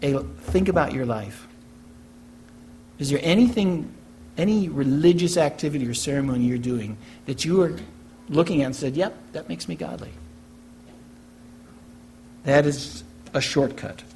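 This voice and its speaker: A man's voice: fairly high pitch, normal speed, a little mellow, a little hiss or hum. Emphatic preaching pastor, man. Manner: emphatic preaching with repeated phrases and rhetorical questions. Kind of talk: sermon. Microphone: church recording for online message.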